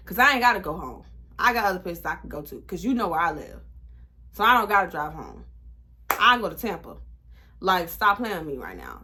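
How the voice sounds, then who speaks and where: A woman in her twenties telling a storytime vlog in a blunt, animated, profane way. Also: fairly low pitch. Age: 20s. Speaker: vlogger.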